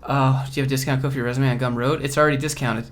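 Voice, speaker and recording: A man from Georgia hosting a casual livestream Q&A from home, relaxed and offhand as he reads and answers chat questions. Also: medium pitch, very fast. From Georgia, USA. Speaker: coding YouTuber host.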